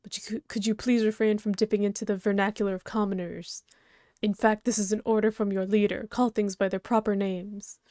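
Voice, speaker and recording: A woman's voice: mid-range voice, flat delivery, brisk, mellow, no room sound, studio quality, lightly acted. A woman voicing a prim, snobbish and very strong male troll aristocrat, haughty and formal, reading a webcomic aloud. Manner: haughty, fussy, formal wording.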